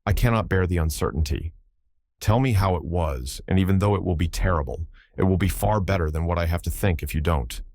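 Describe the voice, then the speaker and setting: A man's voice: low-pitched, moderate pace, darkish tone, dry recording, studio quality. A man voicing a grieving mother who pleads to know how her soldier son died, in an audiobook reading. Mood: pleading. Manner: pleading, anguished questioning.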